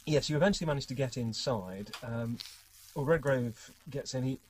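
A man's voice: medium pitch, normal speed, a little mellow, poor audio. A man running a tabletop game, narrating in a wry, chatty way and laughing often. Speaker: game master.

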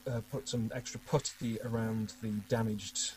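A man's voice: lowish voice, little pitch movement, moderate pace, a little mellow, poor audio. A man running a tabletop game, narrating in a wry, chatty way and laughing often. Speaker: game master.

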